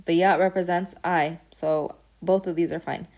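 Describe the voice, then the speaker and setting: A woman's voice: on the low side, fairly even intonation, normal speed, darkish tone. A woman teaching a recorded beginner Arabic lesson, explaining patiently step by step and saying each word aloud as an example. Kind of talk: recorded lecture.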